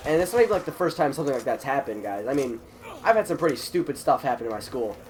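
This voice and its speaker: A teenage vlogger with a cold, sounding sick and a bit congested, animatedly retells a story from school, acting out the other people's lines. His medium-pitched voice moves fast over slight background noise.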